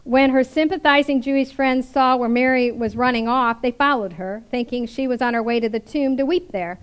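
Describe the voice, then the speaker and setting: A woman preaching a sermon in a fairly high voice. She reads scripture passages aloud, then breaks into easy, conversational commentary and keeps asking the congregation tag questions. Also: normal speed, smooth, rough recording.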